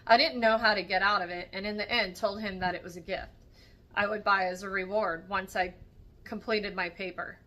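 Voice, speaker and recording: Bright-voiced woman reading a novel. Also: medium pitch, normal speed. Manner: steady narration with small slips and self-corrections. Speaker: book channel reader.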